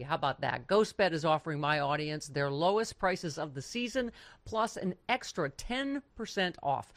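A woman's voice: sits low, a bit bright, dry recording. A woman host reading a sponsor ad in a chatty, upbeat selling manner. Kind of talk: sponsor ad read.

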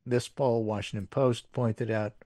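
A man's voice: mid-range voice, steady tone, a little slow, a little mellow, no echo, studio quality. A man hosting a casual political talk show, reading poll figures with wry asides and plenty of fillers. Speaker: political podcast host.

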